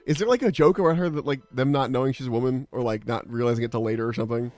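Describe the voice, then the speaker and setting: A man's voice: medium pitch, rapid-fire, darkish tone. A young adult man streaming, chatting casually in a rambling, exasperated, profane way. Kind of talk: casual livestream chat.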